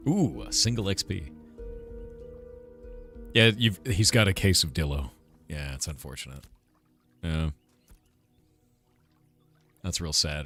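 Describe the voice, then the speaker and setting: A man's voice: low-pitched, a bit bright. A man streaming a game, giving casual commentary and playfully teasing chat with silly mispronunciations. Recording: faint music behind.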